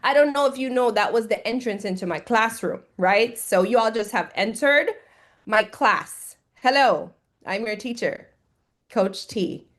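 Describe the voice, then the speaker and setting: A woman's voice: on the high side, a little slow. A woman from Jamaica teaching an online trading class over a video call, upbeat and encouraging, greeting attendees by name. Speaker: trading coach.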